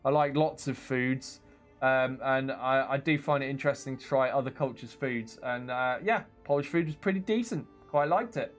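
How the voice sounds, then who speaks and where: A man's voice: medium pitch, moderate pace, faint music behind. An English man casually chatting on a game stream, reading chat and laughing at himself. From England. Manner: chatty, self-deprecating, laughs often, reads chat aloud.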